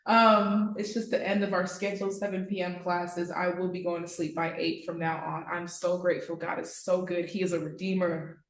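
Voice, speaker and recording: A woman's voice: lowish voice, level tone, moderate pace, reverberant. A woman trading mentor speaking casually to her graduating students, chatty and playful, often laughing. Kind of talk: casual livestream address to students.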